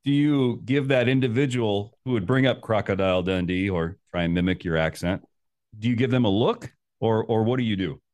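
A man's voice: on the low side, a little fast, a little mellow. A man hosting a podcast, asking questions in an upbeat, chatty way. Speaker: podcast host. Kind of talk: casual podcast interview.

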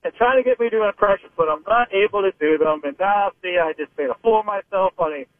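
High-voiced man on a phone line. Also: fast talker, no echo. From Pittsburgh. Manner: rambling, hesitant, many restarts. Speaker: sports reporter guest. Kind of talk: phone-in sports radio analysis.

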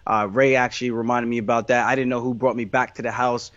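A man's voice: medium pitch, level tone, fast, fairly bright tone, no room sound, muffled recording. A man being interviewed about his fighting career, answering in a candid, rambling way with lots of restarts.

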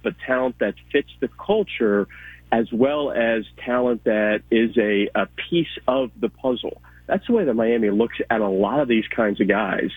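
Male sports analyst on the line, husky and tinny, emphatic with repeated restarts. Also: mid-range voice, no echo. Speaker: weekly sports segment guest. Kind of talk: casual sports talk.

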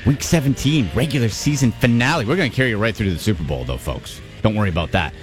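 A man's voice: lowish voice, animated, fast talker, soft background music. A man hosting a sports radio talk show, talking with emphatic energy and repeating himself for stress. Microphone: studio microphone.

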